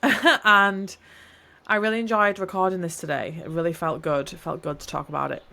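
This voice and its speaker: A woman with a slightly low voice talks through her thoughts on a solo podcast. She rambles warmly and encourages the listener, restarting sentences as she goes. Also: fairly even intonation, moderate pace, gravelly. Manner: rambling, encouraging, self-correcting. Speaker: podcast host. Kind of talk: reflective solo podcast talk.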